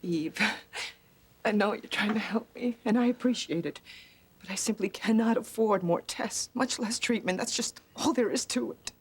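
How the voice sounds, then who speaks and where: A woman's voice: medium pitch, normal speed, natural voice. An actress playing a worried, ill woman who sounds weary and emotional. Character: worried ill older housekeeper.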